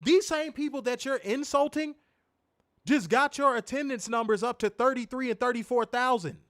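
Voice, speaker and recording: A man's voice: extremely high pitch, moderate pace, a bit bright, dry recording, clean studio sound. A man co-hosting a wrestling podcast, ranting with profanity and piling up rhetorical questions. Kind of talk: heated ranting commentary.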